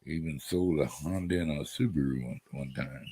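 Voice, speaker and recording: A man's voice: rumbling low, normal speed, mellow, husky, rough recording. A man chatting casually with viewers on a live stream, easygoing and rambling. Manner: easygoing, rambling, laid-back.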